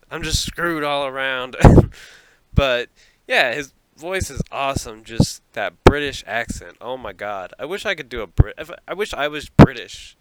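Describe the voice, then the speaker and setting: A man's voice: medium pitch, fairly bright tone, slight background noise, low-quality recording. A man hosting a solo podcast from a small closet, rambling and self-deprecating and often laughing at himself. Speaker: podcast host.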